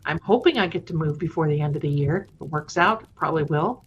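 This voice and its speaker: Speaking quickly in a low-pitched voice, a woman hosts a live stream where she tells spooky stories offhandedly and chats warmly with viewers. The stream audio is dull and lo-fi, with a slight hiss or hum.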